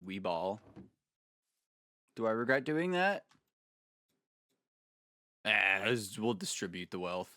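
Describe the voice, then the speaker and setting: A man's voice: lowish voice, big pitch swings, slow pace, pauses often, sharp tone, dry recording. A man giving casual gameplay commentary as a video creator, jokey and rambling, with playful asides.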